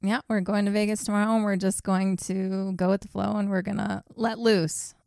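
Woman co-host, middle-aged, gravelly, lowish pitch, wry chatty manner, dry close sound. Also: little pitch movement, normal speed, darkish tone, no room sound. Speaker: podcast co-host. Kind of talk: casual chat.

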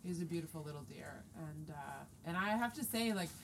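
Brief: woman, forties, lower voice, animated storyteller, light noise behind. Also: a little fast, creaky. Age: 40s. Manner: lively, animated retelling with quoted dialogue. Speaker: guest telling a hunting story. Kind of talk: casual storytelling.

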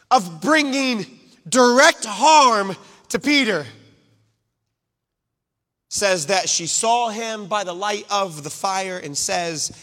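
A man preaching a sermon, swinging from loud declarations to hushed asides and acting out the quoted lines. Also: sits high. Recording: long hall reverb.

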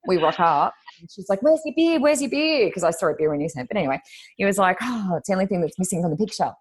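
This Australian woman has a low voice and talks in a chatty storytelling way. She slips into the voices of the people she quotes. It sounds like a video call. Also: racing, breathy edge. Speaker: intuitive reader guest. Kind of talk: casual storytelling.

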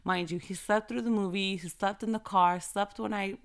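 A woman in her thirties, a mother telling an earnest, animated story about embracing moments with her kids and giving thanks. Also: medium pitch, moderate pace. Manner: animated, earnest, repeats phrases for emphasis. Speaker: mother sharing faith reflections. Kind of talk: casual inspirational storytelling.

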